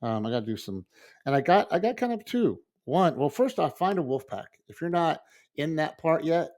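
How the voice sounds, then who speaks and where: A man's voice: a little high, very animated, moderate pace, darkish tone. A man of sixty co-hosting a podcast, talking earnestly in a rambling, casual way and laughing often. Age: 60s. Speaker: podcast co-host.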